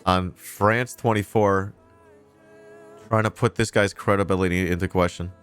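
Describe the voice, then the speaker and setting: A male streamer with a lowish voice reacts to a news clip, sarcastic and indignant, swearing now and then. Soft music plays faintly under his talk. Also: fairly even intonation, measured pace, clear, resonant tone. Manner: sarcastic, indignant, with crude asides. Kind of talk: casual live-stream commentary.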